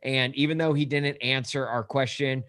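A man's voice: mid-range voice, steady tone, moderate pace, a bit bright. Laid-back man hosting a podcast. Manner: laid-back, laughs easily, trails off. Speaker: podcast host. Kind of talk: casual chat.

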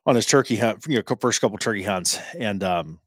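A man from Central Ohio hosting a podcast, telling stories in an animated way and laughing often. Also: lowish voice, brisk, no echo, clean studio sound. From Central Ohio, USA. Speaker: podcast host. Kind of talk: casual chat, storytelling.

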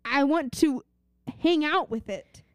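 A young woman with a high voice co-hosts a podcast in loose, chatty talk. She rambles with enthusiasm, filling her sentences with "like." She is recorded dry and close to the mic. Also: takes it slowly, no room sound. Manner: chatty, full of "like" fillers, enthusiastic. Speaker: podcast co-host. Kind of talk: casual chat.

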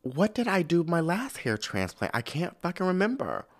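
A man's voice: on the high side, huge pitch swings. A man hosting a podcast in sassy, gossipy casual chat, swearing freely and calling listeners "girl.". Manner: sassy, gossipy, drawn-out exclamations. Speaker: podcast host.

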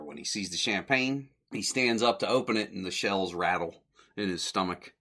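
A man casually recapping on his podcast, rambling and correcting himself as he goes. His voice sits a bit low but has a bright, forward edge. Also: fairly quick. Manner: rambling, self-correcting, chuckles at the jokes. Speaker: podcast host.

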